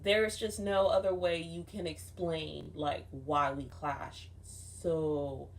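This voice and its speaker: A woman's voice: deep voice, fairly even intonation, slow pace. A young woman telling a dream story in a casual, rambling way, swearing often and saying "like" a lot. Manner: rambling, profane, frequent "like" fillers. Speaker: vlogger recounting a dream.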